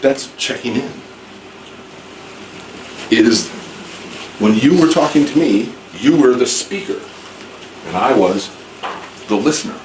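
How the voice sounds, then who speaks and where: A man teaching an English class, speaking slowly and clearly and rephrasing things so learners can follow. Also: medium pitch, animated, a little mellow. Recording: echoey room, distant mic, background noise.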